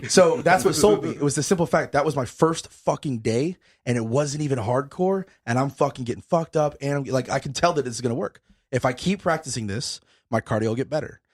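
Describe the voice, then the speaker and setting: A young man, a podcast host, telling a story in casual chat, animated and swearing a lot, still out of breath. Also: mid-range voice, brisk, slightly rough.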